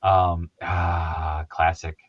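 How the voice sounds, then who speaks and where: A man's voice: deep voice, little pitch movement, very slow, dry recording, muffled recording. A man hosting a casual chat about toys, rambling and laughing at himself. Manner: rambling, laughs often, self-deprecating. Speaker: host.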